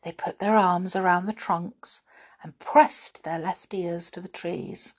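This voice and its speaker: A woman reads a children's storybook aloud. Her voice is breathy and unhurried. She takes the lines very slowly and gives each one a lot of expression. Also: lowish voice, fairly even intonation. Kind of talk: reading a children's book aloud.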